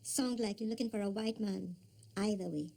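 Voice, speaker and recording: An actress playing a guarded neighbour who answers police questions bluntly and with a sardonic edge. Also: female voice, mid-range voice, normal speed, gravelly, mellow, natural voice. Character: blunt wary female neighbour, adult, defensive. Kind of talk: TV crime drama acting.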